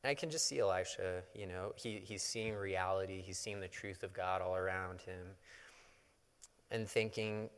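A man's voice: low-pitched, steady tone, moderate pace, smooth. A male pastor preaching a sermon, retelling a Bible story in a casual, conversational way with touches of humor. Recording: long hall reverb.

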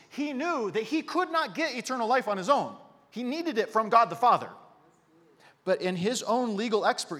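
A man in his thirties preaching a sermon in a conversational, joking way with lively emphasis. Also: high-pitched. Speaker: pastor. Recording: echoey hall reverb.

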